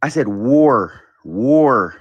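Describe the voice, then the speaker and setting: A man's voice: medium pitch, lively intonation, very slow, slightly rough, no room sound, lo-fi sound. Blunt Caribbean-accented man in a heated debate. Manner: blunt, repetitive, dialect grammar. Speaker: panel guest.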